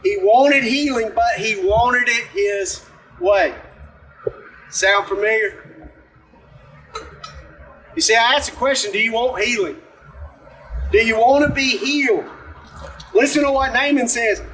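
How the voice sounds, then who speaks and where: High-voiced pastor preaching from afar. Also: male voice, a little slow, pauses often, far from the mic, poor audio. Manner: conversational, animated, acts out story characters. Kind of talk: sermon.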